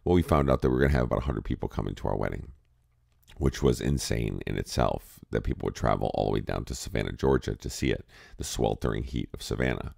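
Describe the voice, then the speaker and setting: A man's voice: very deep voice, fast talker, vocal fry, a little mellow, no echo, clean studio sound. A man from New England hosting a casual morning podcast chat, groggy with his morning voice, rambling and heartfelt. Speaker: podcast host.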